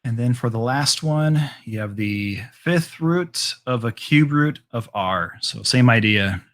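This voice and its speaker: A man's voice: mid-range voice, animated, slow, fairly bright tone. A man teaching a math class, explaining steps casually with frequent ums and restarts. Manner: casual, filler-heavy explaining with frequent ums and all rights. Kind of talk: classroom lecture.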